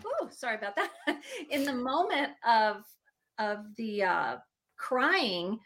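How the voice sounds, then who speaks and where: A woman speaks with a slightly raised pitch in an easygoing podcast conversation. She is earnest and reflective, and she circles back over her own phrases to stress them. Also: sing-song, takes it slowly, very noisy. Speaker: emotions advocate. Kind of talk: casual podcast chat.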